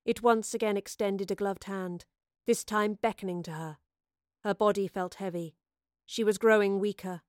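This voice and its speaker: A woman narrating an audiobook in an expressive, dramatic storytelling voice. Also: mid-range voice, moderate pace, no room sound, clean studio sound.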